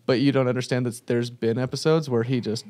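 A man's voice: mid-range voice, fairly even intonation, fast, darkish tone. A young man co-hosting an office podcast, laid-back and self-mocking, often laughing. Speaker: podcast co-host. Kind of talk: casual office banter.

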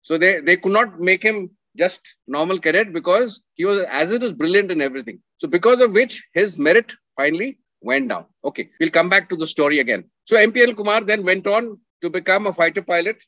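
A man's voice: sits high, animated, a little fast, hardly any pauses, fairly bright tone, dry recording, muffled recording. A middle-aged man, earnestly telling a story about a coursemate and repeating words for emphasis. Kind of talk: storytelling talk with slides.

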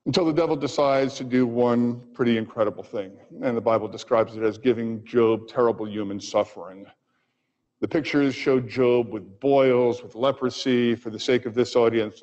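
A male physician giving a lecture, retelling an old story with expressive pauses in a lecture hall. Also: fairly low pitch. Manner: expressive, pausing for effect. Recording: dull audio with long hall reverb.

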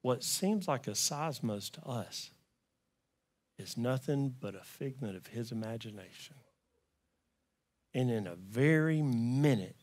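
A man preaching a sermon as pastor, telling stories and rising to loud pleading cries. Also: medium pitch. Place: church.

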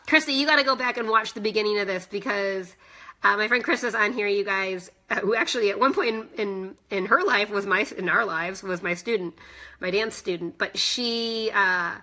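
A woman's voice: medium pitch, bright, forceful tone. A woman in her thirties, a fitness instructor, chatting emotionally in a live personal vlog and greeting viewers by name. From United States.

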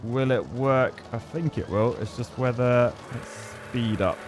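A man in his thirties talks through a bridge-building game in a playful, chatty way, thinking aloud and jumping into excited yelps. His voice sits at an ordinary middle pitch, with faint music playing under him. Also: unhurried. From Britain. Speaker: gaming video host.

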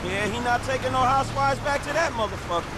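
A man playing an excitable young street hustler in a video game, full of slang and cursing. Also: very high voice, fast talker, heavy background noise. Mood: wry. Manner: slangy, hyped, cursing freely.

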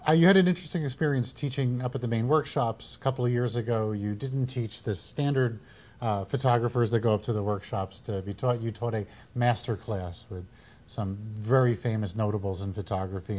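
A man hosting a studio interview, asking questions in a halting way, searching for words. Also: lowish voice, fairly even intonation, a little mellow. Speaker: interviewer, host.

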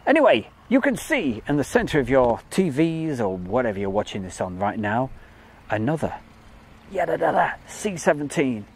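A man's voice: mid-range voice, very animated, normal speed, a little hiss or hum. A man from the UK hosting a live airfield stream outdoors, chatting casually and rambling as he reads out viewer comments.

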